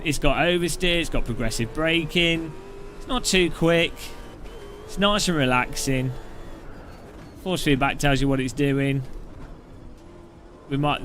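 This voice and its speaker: A chatty man talking through a racing sim session in a somewhat high voice. He rambles, laughs often and restarts his sentences as he jokes along. Faint noise sits under the voice. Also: a bit bright. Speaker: sim racing video host. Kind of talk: casual gameplay commentary.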